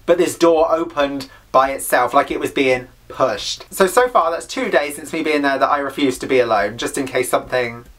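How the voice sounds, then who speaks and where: A man's voice: a little high, a bit bright. A man vlogging a casual storytime, chatty and dramatic with playful asides.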